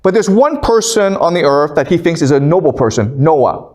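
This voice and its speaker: A man's voice: fairly high pitch, sing-song, normal speed, a little mellow. A man giving a classroom lecture in a conversational way, reading passages aloud and checking in with "okay?" after each point. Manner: conversational, keeps asking "okay?"; reads scripture aloud between explanations. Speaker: professor lecturing.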